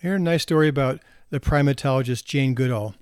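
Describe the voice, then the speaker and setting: A man's voice: medium pitch, fast, a little mellow, smooth, no echo. Storytelling man in his sixties, dry sound. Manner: anecdotal, with laughter and restarts. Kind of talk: casual storytelling talk.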